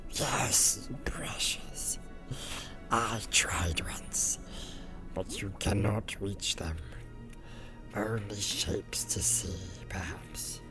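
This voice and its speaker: A man voicing a wretched, sly creature in an audiobook, in a hissing, gravelly whisper that drags out and repeats its words. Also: fairly low pitch. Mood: sly, wistful. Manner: drawn-out, repetitive, cackling. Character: wretched creeping male creature, sly and fearful. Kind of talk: audiobook character voice.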